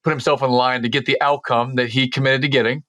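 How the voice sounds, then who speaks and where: A man's voice: medium pitch, little pitch movement, quick pace, sharp tone, no room sound. A man hosting a podcast interview, affirming his guest with fillers. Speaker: podcast host. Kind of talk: conversational interview.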